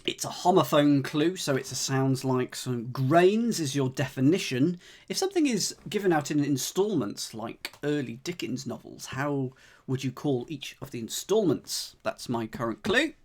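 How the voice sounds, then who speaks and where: A man streaming a crossword solve, talking casually with his viewers. He thinks out loud and jokes along the way, with a middle-pitched, everyday voice. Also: sing-song, normal speed. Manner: chatty, jokey, thinks aloud, talks to chat. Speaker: streamer solving cryptic crosswords with live chat. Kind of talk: casual live-stream chat.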